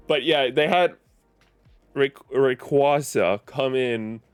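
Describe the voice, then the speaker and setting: A man's voice: mid-range voice, extremely slow, clean tone, no echo. A man streaming live, chatting casually and rambling, often correcting himself and chuckling. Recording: faint music behind.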